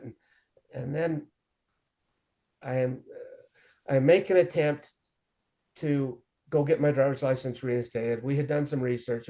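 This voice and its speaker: A man's voice: medium pitch, dark tone. A middle-aged man frankly telling his own recovery story as an interview guest, with self-deprecating humor. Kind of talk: candid personal storytelling.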